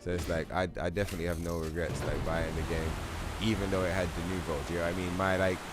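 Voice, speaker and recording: A man's voice: deep voice, little pitch movement, fast. A young man hosting a gaming livestream, chatting casually in a loose, rambling, profane way full of fillers. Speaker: livestream host. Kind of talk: casual gaming stream chat. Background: game music.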